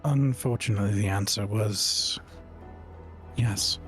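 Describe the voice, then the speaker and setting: A man's voice: lowish voice, takes it slowly, over music. A man doing an earnest adventurer with grim news. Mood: grave.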